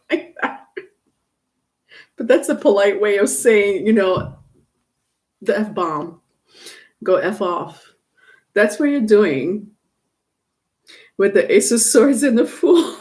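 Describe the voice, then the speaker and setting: A woman's voice: mid-range voice, darkish tone. Chatty woman reading tarot live. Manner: chatty, laughs easily, many fillers and restarts. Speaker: tarot reader.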